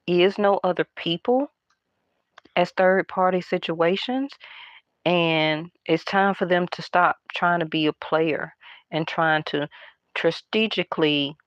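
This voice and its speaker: A woman doing a casual tarot card reading, talking in a hushed, half-whispered, chatty way to her viewers. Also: lowish voice, no echo, muffled recording. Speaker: tarot reader.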